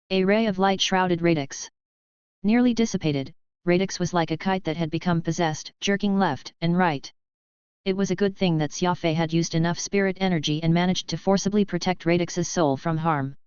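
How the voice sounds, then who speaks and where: A woman narrates a fantasy novel in a steady, measured read-aloud manner. Her voice sits low and comes across very smooth and clean. The recording is dry and close, with a slightly dull, muffled top end. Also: no echo. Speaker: audiobook narrator. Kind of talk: scripted narration.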